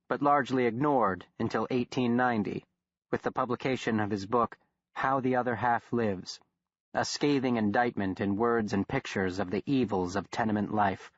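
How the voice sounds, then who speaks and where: A man narrating a horror audiobook in a steady, even storytelling manner. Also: mid-range voice, no room sound. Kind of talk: scripted narration. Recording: dull, dry studio recording.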